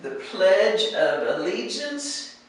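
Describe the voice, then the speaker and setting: A woman's voice: medium pitch, sing-song, slow. An American woman teaching pronunciation, patiently repeating words for her students to echo. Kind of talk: patient drill-based pronunciation lesson. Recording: echoey room, distant mic, faint ambience.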